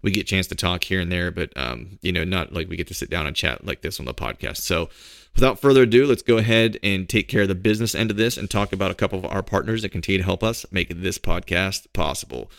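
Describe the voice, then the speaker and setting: A middle-aged man hosts a casual podcast in a hoarse voice, because he is getting over a cold. His voice sits very low and gravelly, and he talks in an easygoing way. The recording is dry and close to the mic. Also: fast, few pauses, fairly bright tone, dry recording. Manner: laid-back, chatty, laughs often. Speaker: podcast co-host.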